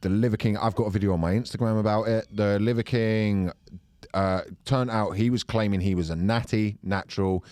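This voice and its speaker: A man's voice: lowish voice, steady tone, a little fast, a little mellow, dry recording. A man co-hosting a podcast, crude and jokey, rambling through casual banter. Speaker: podcast co-host.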